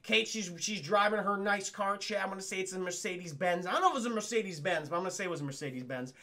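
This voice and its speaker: A streamer recaps a movie for his livestream chat, rambling loosely, swearing freely, and calling out to the chat every few lines. He talks fast, and his voice sits high for a man, with a bright, sharp edge.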